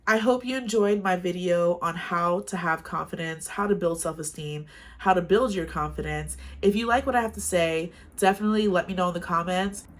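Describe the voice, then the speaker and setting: A woman's voice: on the low side, brisk. Chatty young woman vlogger giving frank advice. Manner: chatty, frank, animated storytelling. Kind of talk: casual advice vlog to camera.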